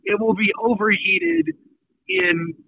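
A man from Minnesota hosting a casual radio chat, telling stories with drawn-out emphasis. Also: very high voice, animated, gravelly, husky, no room sound. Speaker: radio host. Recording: phone-line sound.

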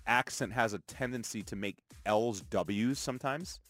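A man with a Canadian accent co-hosting a morning radio show, playful and animated in casual banter. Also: fairly low pitch, moderate pace, faint music behind.

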